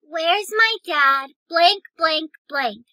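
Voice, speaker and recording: A woman voicing a frightened abandoned little girl with a whimpery, halting delivery. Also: extremely high pitch, lively intonation, sharp tone, no echo, full character voice, low-quality recording. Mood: tearful.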